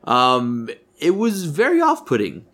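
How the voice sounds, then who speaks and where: A man co-hosting a podcast, chatting casually about a film, rambling and swearing and getting animated when something annoys him. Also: fairly high pitch, unhurried. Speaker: podcast co-host. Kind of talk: casual movie review chat.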